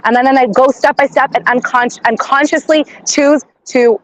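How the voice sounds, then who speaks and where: A woman's voice: high voice, fairly even intonation, moderate pace, slight background noise, poor audio. Chatty woman teaching a class. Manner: conversational, with frequent "like" and "right?". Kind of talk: inspirational class talk.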